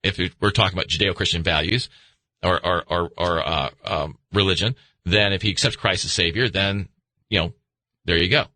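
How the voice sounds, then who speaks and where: A man hosting a late-night talk radio show, talking through a rambling, animated monologue. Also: moderate pace, dry recording. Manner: animated, rambling, acts out voices in high pitch.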